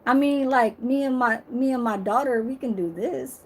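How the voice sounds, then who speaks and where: A woman's voice: high-pitched, normal speed. A woman in her forties talking to camera in a blunt, emphatic, profane way. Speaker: vlogger. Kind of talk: casual monologue to camera.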